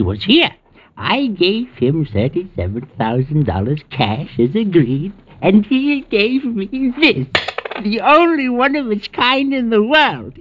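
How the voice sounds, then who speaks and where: A man's voice: medium pitch, slightly rough, full character voice. An actor playing an eccentric coin collector in his seventies, rambling and hard of hearing, in an old radio drama. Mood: smug. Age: 70s. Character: eccentric septuagenarian male coin collector, fussy. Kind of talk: 1940s radio acting. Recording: dull old radio broadcast.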